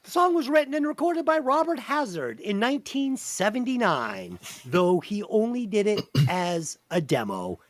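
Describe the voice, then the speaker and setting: Male host, high and very lively voice, swears freely, dry close recording. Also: moderate pace, hardly any pauses, no echo. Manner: animated, profane, quizzing the others. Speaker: podcast host. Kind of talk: casual chat.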